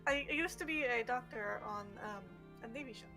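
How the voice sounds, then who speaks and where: A weary former navy ship's doctor, reserved and evasive, giving soft, hesitant answers, as a woman plays him in a high voice. Music plays clearly in the background of this tabletop game. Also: expressive, normal speed, lightly acted. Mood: guarded.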